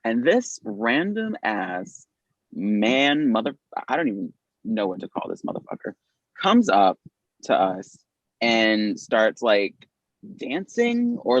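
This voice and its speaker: A man from Philadelphia, a drag performer and podcast guest, telling a story in casual, swearing, animated talk, jumping high in pitch when he acts out quotes. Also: no room sound, dull audio.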